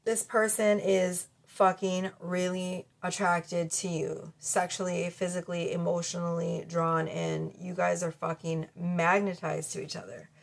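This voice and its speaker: A woman's voice: fairly low pitch, level tone, unhurried, gravelly, few pauses. A woman with children doing a casual tarot reading to camera at home, blunt and profane, laughing often. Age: adult with children. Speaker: tarot reader. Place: cluttered bedroom at home. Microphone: camera mic.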